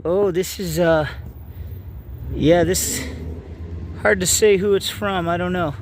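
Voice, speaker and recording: Guy with a pretty high voice chatting away on his outdoor vlog, upbeat and rambly, lots of uhs, faint noise in the background. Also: steady tone, slow pace. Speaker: vlogger. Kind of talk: casual outdoor vlog narration. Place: outdoors by a lake.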